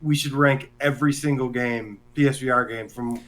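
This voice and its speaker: A man's voice: medium pitch, steady tone, normal speed, a bit bright. A man co-hosting a casual podcast chat, speaking hesitantly with many ums and uhs. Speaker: podcast co-host.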